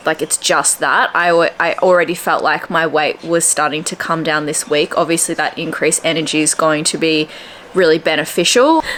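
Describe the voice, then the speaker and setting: There's slight background noise as a young woman, a fitness vlogger, tells the camera about her day at home in a somewhat bright voice. Her upbeat chatter drifts into squeaky baby talk whenever her dog comes up.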